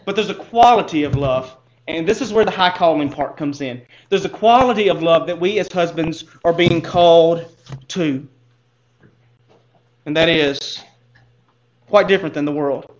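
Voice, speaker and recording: A man's voice: a little high, moderate pace, pauses often, lo-fi sound. A man preaching a sermon as pastor, speaking earnestly and putting direct questions to his listeners.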